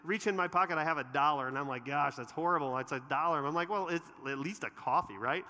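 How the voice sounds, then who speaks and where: Pastor, man, 40s; bright, tense voice; storytelling sermon, reverberant church hall. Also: a little high, quick pace, hardly any pauses. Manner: animated storytelling, many restarts and filler. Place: church auditorium.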